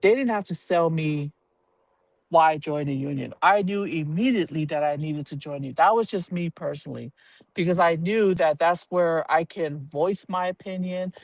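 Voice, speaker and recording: A woman's voice: low voice, normal speed, dry recording. Woman, union rep, casual storytelling, candid and profane, dry close sound. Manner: candid, earthy, profane, laughs at herself. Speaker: union representative, prison employee.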